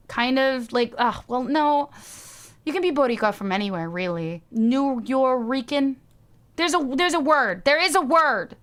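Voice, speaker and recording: Young woman from the ny area, chatty streamer, swears a lot, high voice. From New York area. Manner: rambling, animated, swears, laughs often. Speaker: vtuber streamer. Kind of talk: casual stream chat.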